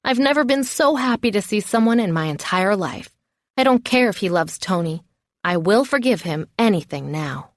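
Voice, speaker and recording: Expressive woman narrating an audiobook. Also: medium pitch, moderate pace, no echo, studio quality. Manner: expressive, dramatic in the heroine's outbursts. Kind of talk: first-person audiobook narration.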